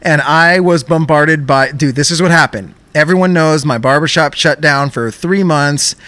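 Young male podcast co-host, high bright voice, animated and profane storytelling. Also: moderate pace, no room sound. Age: young adult.

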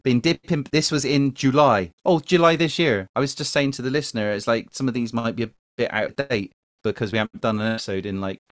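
A man's voice: medium pitch, fast, no echo. Chatty man, dry close sound. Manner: chatty, rambling, reads listener messages aloud. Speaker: podcast co-host. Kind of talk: casual podcast chat.

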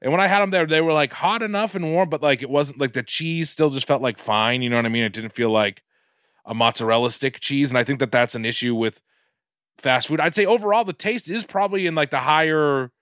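A man's voice: on the high side, fairly quick, fairly bright tone, clean tone, no room sound, clean studio sound. A man co-hosting a podcast, telling rambling food stories in casual chat and swearing freely. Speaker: podcast co-host.

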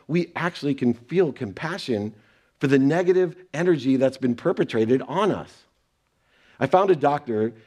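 A man's voice: medium pitch, darkish tone. A middle-aged man giving an earnest motivational talk, telling a personal story and acting out the exchanges in it. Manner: earnest, acts out quoted exchanges. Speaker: speaker sharing personal lessons.

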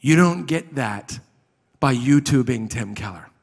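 A man preaching a sermon as pastor, impassioned, swinging from loud emphasis to a soft hush. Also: mid-range voice, lively intonation, measured pace, creaky. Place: church sanctuary. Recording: long hall reverb.

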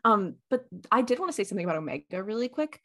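A woman's voice: mid-range voice, very animated, rapid-fire, sharp tone. A woman co-hosting a podcast in casual fan chat, chatty and thinking aloud with many fillers. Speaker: podcast co-host.

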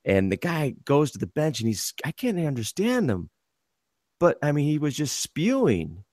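A man hosting a casual sports podcast tells rambling stories about playing goalie in a hockey league, laughing as he goes. His voice is on the high side, very animated and a little mellow, with a moderate pace, and the recording is dry with clean studio sound.

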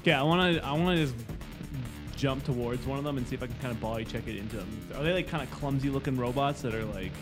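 A man playing a tabletop game, talking casually with excitable bursts. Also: mid-range voice, quick pace, over music. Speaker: player.

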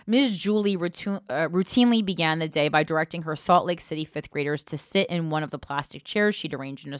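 Woman podcaster, lowish voice, dry close sound, reads an article aloud, swears in blunt asides. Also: no echo. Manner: blunt, profane asides between read passages. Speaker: podcast host. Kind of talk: reading a news article aloud with commentary.

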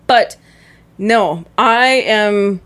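A woman co-hosting a casual chat, telling an animated story and laughing often. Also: mid-range voice, extremely slow. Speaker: podcast co-host.

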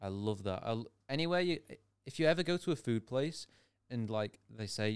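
A man's voice: on the low side, animated, brisk, few pauses, clean tone. A young man from England co-hosting a podcast, chatty and playful, acting out little scenes in casual talk. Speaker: podcast co-host. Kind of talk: casual chat.

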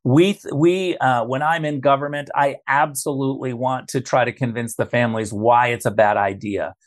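A man speaking as a guest on a political talk show, forceful and emphatic, stressing his points by repeating them. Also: medium pitch, steady tone, moderate pace.

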